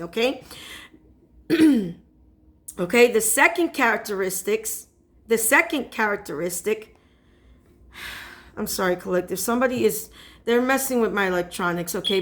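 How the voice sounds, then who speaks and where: A woman's voice: medium pitch, a bit bright. A woman speaking as a spiritual advisor in a casual preaching monologue, who keeps checking in with her listeners by asking "okay?".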